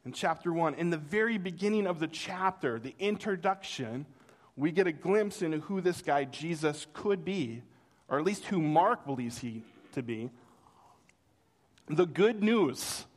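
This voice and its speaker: Speaking at a measured pace with a fairly high pitch, a middle-aged pastor uses his sermon to tell a childhood story. His delivery is animated, and he acts out the voices in the tale.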